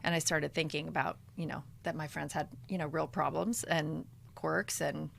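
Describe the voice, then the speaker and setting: A woman with a very low, gravelly voice speaks calmly and candidly in a radio studio. Faint noise sits under her voice. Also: normal speed. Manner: calm, candid and reflective. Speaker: author and co-host. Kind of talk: casual radio talk.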